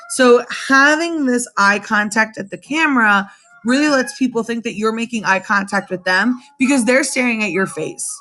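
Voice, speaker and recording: A young woman teaching a remote class from home through her computer's webcam, in a lively manner, often checking in with her students with "right?". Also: medium pitch. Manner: animated, addresses students directly with frequent "right?". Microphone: computer webcam mic.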